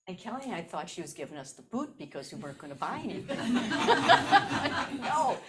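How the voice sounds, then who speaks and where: A Zen teacher in her seventies, a woman from Chicago, gives a dharma talk in an unhurried storytelling way. Her voice sits a little low, and she talks very slowly, often saying key phrases twice. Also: darkish tone. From South Side of Chicago, USA. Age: 70s.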